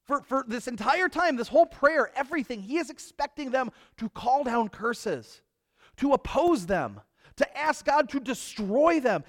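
A man delivering a sermon with a high, very lively voice that swoops up and down. He acts out the people in the stories and drops wry little asides along the way. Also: moderate pace. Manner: animated, acts out quotes, jokey asides. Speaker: preacher.

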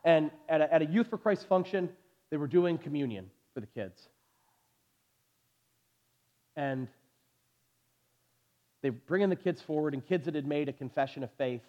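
Animated preacher man, lo-fi sound. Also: a little high, normal speed, long pauses. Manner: animated storytelling, drops to soft intense delivery. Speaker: pastor. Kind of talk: sermon. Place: church sanctuary.

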